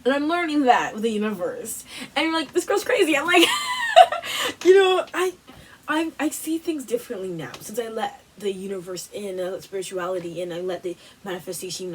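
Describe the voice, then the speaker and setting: A woman hosting a wellness workshop, giving a casual motivational talk full of "like" and "you know", with animated, repetitive phrasing. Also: medium pitch, far from the mic, slight background noise, low-quality recording.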